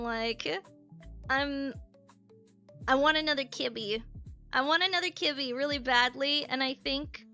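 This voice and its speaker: A young woman talks casually to her live-stream chat in a high, bright voice. She is candid and chatty, dropping swear words freely. Faint music plays underneath.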